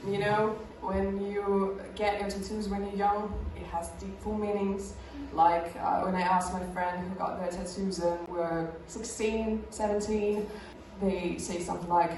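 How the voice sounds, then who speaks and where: A young Russian-born woman with a British accent works through a stand-up set, chatty and self-mocking, with lots of little fillers. Her voice sits at a middling pitch. It rings around an echoey club, caught from a distance. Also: little pitch movement, measured pace, few pauses, noisy background. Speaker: stand-up comedian.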